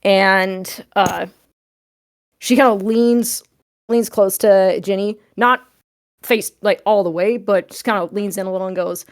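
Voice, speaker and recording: A woman's voice: medium pitch, steady tone, a little slow. A woman plays in a tabletop game and describes what her character does. She rambles loosely and leans on fillers throughout. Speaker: player.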